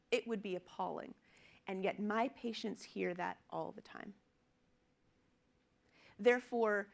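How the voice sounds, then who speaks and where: A woman's voice: medium pitch, gravelly. A middle-aged woman physician giving a conference presentation, earnest and emphatic, acting out quotes from her patients. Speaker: physician lecturer.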